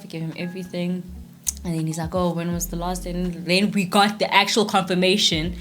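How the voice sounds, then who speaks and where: Young woman with a slightly low voice, chatting on a vlog. She tells the story in an animated way, full of "like" and acted-out quotes. Faint music plays behind her. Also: a little fast. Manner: animated storytelling, many fillers, acts out quotes. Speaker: vlogger, expectant mother. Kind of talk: casual chat.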